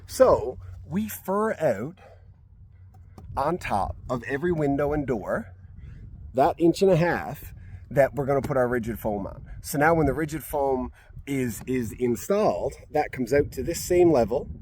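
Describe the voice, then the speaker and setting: A man's voice: mid-range voice, lively intonation, measured pace, darkish tone, slight background noise. A man who works in real estate, walking through a house frame outdoors and explaining the construction in a chatty, emphatic way. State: a little out of breath. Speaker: real estate agent touring a house build. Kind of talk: walkthrough explainer vlog.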